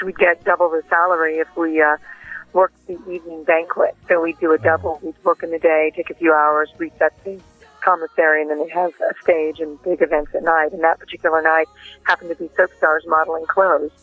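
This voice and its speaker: A woman interview guest telling lively anecdotes and acting out what others said, heard down a tinny phone line. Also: low-pitched, husky, no echo. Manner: lively anecdotes with acted-out quotes. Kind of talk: casual interview storytelling.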